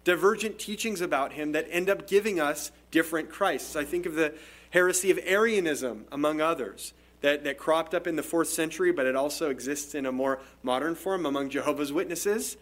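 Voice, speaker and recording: A man's voice: on the high side, a little fast, fairly bright tone. A man preaching an expository sermon in a conversational, explanatory way, often restarting phrases. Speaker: pastor.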